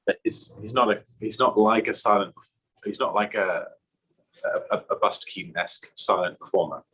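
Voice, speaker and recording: An English man speaks in a low, husky voice. He is a guest in a relaxed interview chat. He rambles, restarts his sentences and laughs now and then. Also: normal speed, low-quality recording. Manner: rambling, self-correcting, laughs often. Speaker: magician guest.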